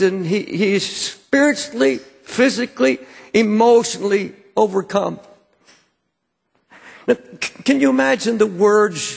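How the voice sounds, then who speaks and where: A man's voice: high-pitched, vocal fry, husky. A man preaching a sermon to a congregation, often stammering and repeating words as he presses a point. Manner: repeats words when stirred, stammering restarts. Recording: long hall reverb.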